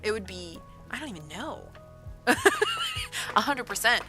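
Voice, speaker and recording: A woman author on a livestream, reading a news report aloud and breaking in with animated, disbelieving exclamations. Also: mid-range voice, unhurried, music in the background, low-quality recording. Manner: animated, exclaiming in disbelief between read-out passages. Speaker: author livestreaming a writing session.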